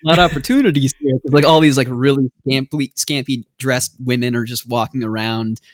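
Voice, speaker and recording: A man's voice: mid-range voice, steady tone, brisk, no echo, clean studio sound. A man co-hosting a podcast, chatting and joking casually about a movie with frequent fillers. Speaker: podcast co-host.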